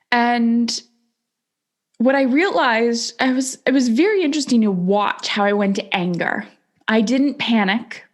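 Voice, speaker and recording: Earnest woman telling a personal story. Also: a little high. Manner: reflective, earnest, slows down on emphatic phrases. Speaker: podcast host.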